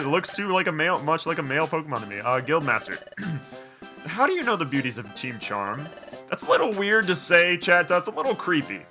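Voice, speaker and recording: A man's voice: a little high, pushed and bright. A man hosting a game playthrough, chatting casually and reading game dialogue aloud with joking asides. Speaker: let's play host.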